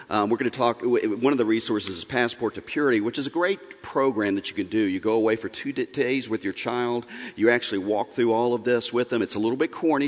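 A middle-aged man speaks at a church seminar on parenting. He is frank and earnest, and talks plainly to the audience. His voice carries a long reverb off a large hall. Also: medium pitch.

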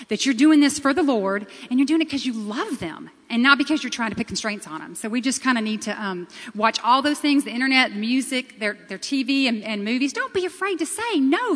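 A woman's voice: on the high side, a bit bright. A mother co-presenting a church parenting seminar, speaking earnestly and conversationally to the audience. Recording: reverberant hall.

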